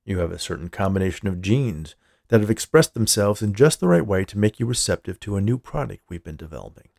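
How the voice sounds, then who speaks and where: A smug, menacing company boss, as a male narrator plays him, with a low, gravelly voice. He talks down to people smoothly and condescendingly. The sound is close and dry. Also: expressive, fast, darkish tone, dry recording.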